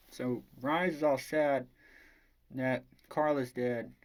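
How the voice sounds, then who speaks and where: A man's voice: medium pitch, steady tone, drawn-out words. A man casually retelling a novel's plot as a book reviewer, rambling and swearing freely.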